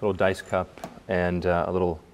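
A man, a magician, telling a story while doing a trick, in a halting way with frequent restarts. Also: low-pitched, level tone, slight background noise.

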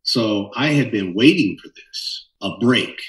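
Animated storytelling bassist with a low voice. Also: male voice, a little slow, far from the mic, low-quality recording. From Minnesota. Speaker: bassist guest. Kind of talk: storytelling interview.

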